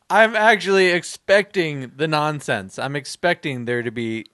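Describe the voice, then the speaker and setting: A man's voice: fairly high pitch, measured pace, a bit bright, no room sound, clean studio sound. A man hosting a podcast in casual chat, teasing and laughing often. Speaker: podcast host.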